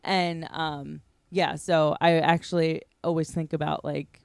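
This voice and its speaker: A woman's voice: deep voice, flat delivery, unhurried, creaky, smooth, no echo, clean studio sound. A woman hosting a podcast, who talks in a chatty, self-reflective way with lots of filler words. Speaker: podcast host. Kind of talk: casual podcast chat.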